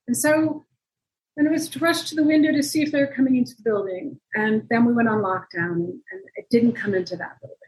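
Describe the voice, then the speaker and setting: A journalist being interviewed, telling a story in a conversational way and acting out the quoted dialogue with sudden jumps in pitch. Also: female voice, poor audio. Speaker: journalist guest.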